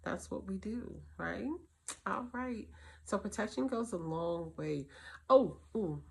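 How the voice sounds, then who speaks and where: A woman's voice: medium pitch, lively intonation, slow pace, vocal fry, breathy edge. A middle-aged woman hosting a casual advice talk for single mothers, telling stories and acting out her kids' voices and her own. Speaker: host.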